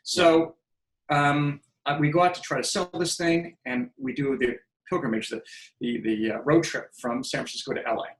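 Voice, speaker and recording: A man's voice: fairly high pitch, normal speed. Storytelling man in an echoey room. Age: 50s. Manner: animated storyteller who acts out quoted dialogue. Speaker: podcast guest, filmmaker. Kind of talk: casual storytelling interview.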